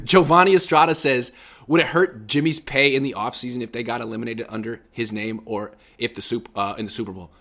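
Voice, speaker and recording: A man's voice: mid-range voice, a bit bright. A young man hosting a casual sports talk show, arguing his points with animation and reading out listener comments. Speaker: podcast host.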